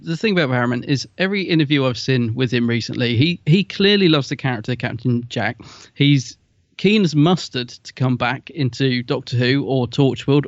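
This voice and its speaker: Co-host on a dull lo-fi line. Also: male voice, medium pitch, no echo. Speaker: podcast co-host. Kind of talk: casual podcast chat.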